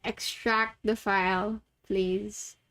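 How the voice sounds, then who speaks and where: A woman's voice: mid-range voice, level tone, extremely slow, a bit bright. A young woman from the Philippines streaming live, chatting casually and laughing often while setting up a game. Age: young adult. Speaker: VTuber streamer.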